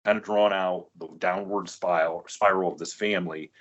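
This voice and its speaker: A man's voice: sits low, fairly even intonation, moderate pace, lo-fi sound. Easygoing man hosting a podcast. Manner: easygoing, chatty, laughs along. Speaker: podcast host. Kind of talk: casual podcast chat.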